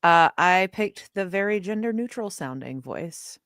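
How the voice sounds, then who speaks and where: A woman co-hosting a podcast in relaxed, casual chat, speaking to listeners as "y'all.". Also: lowish voice, measured pace, no echo, clean studio sound. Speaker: podcast co-host.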